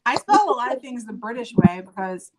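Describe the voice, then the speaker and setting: A woman chatting casually in a relaxed way, often trailing off mid-sentence. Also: on the high side, brisk, slight background noise. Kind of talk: casual chat.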